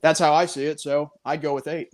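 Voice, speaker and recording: A man's voice: a little high, level tone, fairly quick. A man in casual chat who drops in joking asides.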